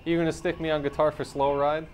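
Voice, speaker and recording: A man's voice: on the high side, flat delivery, quick pace. A man co-hosting a casual gaming chat, teasing his partner and explaining with lots of "like". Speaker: co-host. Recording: game music playing behind.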